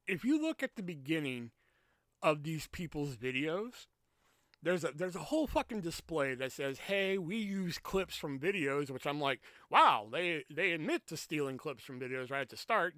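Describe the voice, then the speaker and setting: A young podcast host tells a story as a casual, profane, ranting monologue, recorded in studio quality with no echo. He is animated throughout, and his pitch jumps high whenever he quotes himself.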